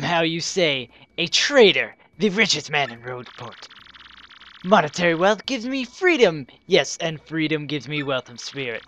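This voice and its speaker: A woman's voice: deep voice, a bit bright, voice pushed down, heavily acted. A woman voicing a flamboyant wealthy male merchant with a grand put-on foreign accent, reading game dialogue aloud. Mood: grandiose. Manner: grand, theatrical foreign-sounding put-on accent, slow drawn-out delivery.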